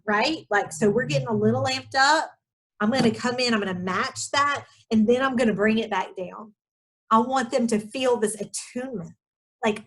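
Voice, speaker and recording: A woman's voice: fairly high pitch, a bit bright. A woman giving a parenting education webinar, talking in a loose, conversational way with many fillers and asides. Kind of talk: webinar presentation. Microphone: webinar microphone.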